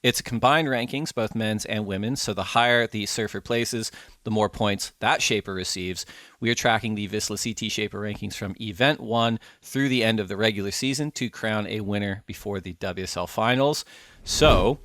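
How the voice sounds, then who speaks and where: Male host, somewhat low voice, steady scripted read, dry sound. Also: moderate pace, no room sound. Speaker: show host. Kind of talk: presenting a ranking segment.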